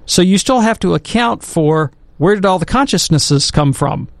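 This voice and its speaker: Gravelly chatty man on a talk show. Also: high voice, lively intonation, normal speed, no echo. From Alabama, US. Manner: chatty, digressive, playful storytelling. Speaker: theologian answering listener questions. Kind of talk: casual radio talk.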